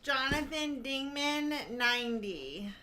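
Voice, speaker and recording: A woman's voice: high-pitched, lively intonation, slow, pushed and bright, slight background noise. A woman co-hosting a live-stream coin auction, calling out bidder names and amounts in short calls. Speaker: auction co-host calling bids.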